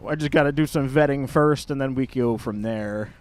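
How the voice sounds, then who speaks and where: A man from Long Island with a Long Island New York accent, hosting a live gameplay stream in casual commentary, chatty and quick to laugh and swear. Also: mid-range voice, a little mellow, smooth. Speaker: game streamer host.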